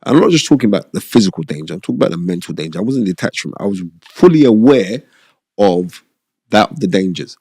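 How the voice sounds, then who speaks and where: A middle-aged man, a podcast host, telling stories from his boxing past in an animated, emphatic way, repeating phrases and often asking "you know what I mean". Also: lowish voice, fast, breathy edge, no echo. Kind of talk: conversational storytelling.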